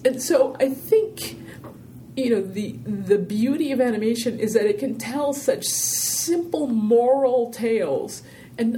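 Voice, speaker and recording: Mellow-voiced woman telling stories in an interview. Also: medium pitch, a little hiss or hum. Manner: rambling, animated storytelling with many "you know"s. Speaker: interview guest, filmmaker. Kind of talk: casual interview conversation.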